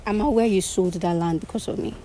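A woman's voice: mid-range voice, fast, mellow, poor audio. A woman in her twenties pleading emotionally with her boyfriend outdoors. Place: outdoors at a block-making yard.

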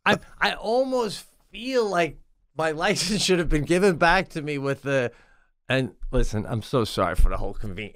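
A man co-hosting a podcast, telling a comic anecdote in an animated way and stumbling over his words as he goes. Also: a little high, moderate pace, no room sound, studio quality. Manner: animated storyteller who stammers and restarts. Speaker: podcast co-host. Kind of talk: comedic anecdote.

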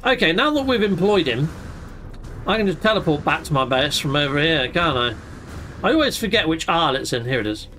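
A man chats through his gameplay, full of exclamations and mild stand-in curses. His voice is bright and fairly high. Faint music plays softly behind him. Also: very animated, fairly quick. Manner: chatty, exclamatory, minced swearing. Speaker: gaming channel host. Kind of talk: casual gameplay commentary.

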